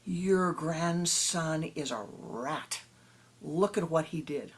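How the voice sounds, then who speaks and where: Indignant villagers hurling accusations, loud and scornful, as a woman storyteller puts them on. The voice is low with a gravelly edge. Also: takes it slowly, exaggerated voice. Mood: accusing.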